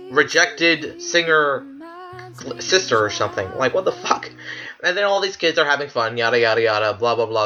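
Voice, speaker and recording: With a sharp, high-leaning voice and lo-fi sound, a man ranks clips as a video creator. He rants in disbelief, laughs, and keeps the commentary casual and profane.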